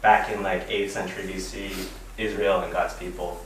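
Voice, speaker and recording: A man's voice: deep voice, flat delivery, moderate pace, fairly bright tone. A man in his thirties from Reno giving a casual sermon-style talk, rambling with many fillers. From Reno, Nevada, US. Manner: rambling, full of "you know" and "like". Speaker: fellowship speaker. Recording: echoey room, distant mic, background noise.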